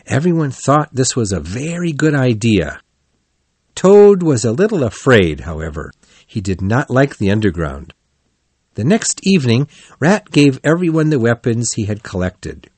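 A man narrating a children's animal story in a measured, clear reading voice. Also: mid-range voice, big pitch swings, a little mellow, no echo.

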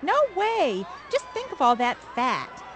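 A woman's voice: high voice, huge pitch swings, measured pace, exaggerated voice, rough recording. A young woman with an American accent acting a firm, lecturing newlywed wife in a scripted learner dialogue. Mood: bossy. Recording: background noise.

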